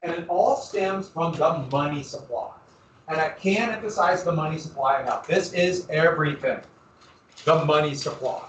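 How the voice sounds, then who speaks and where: A man's voice: on the high side, moderate pace, fairly bright tone, slight background noise. A male history teacher giving a classroom lecture, posing questions to the students and then answering them himself. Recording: roomy classroom recording from far off.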